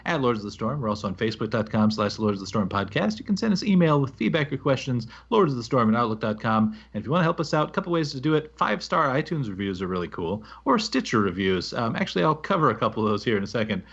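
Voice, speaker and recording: A man co-hosting a gaming podcast in a relaxed, rambling manner, working through listener reviews with plenty of fillers. The recording is slightly dull and lo-fi. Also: medium pitch, quick pace, creaky, hardly any pauses, slightly rough. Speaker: podcast co-host. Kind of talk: casual podcast chat, reading listener reviews.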